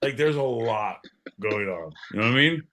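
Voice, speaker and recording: A man's voice: mid-range voice, moderate pace, a little hiss or hum. A man hosting a podcast in casual comedic banter, teasing his co-host and swearing freely. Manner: profane, teasing, animated.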